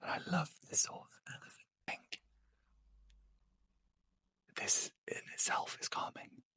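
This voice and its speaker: A British woman doing a whispered ASMR unboxing as a beauty vlogger, hushed and slow with wry asides. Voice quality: soft unvoiced whisper.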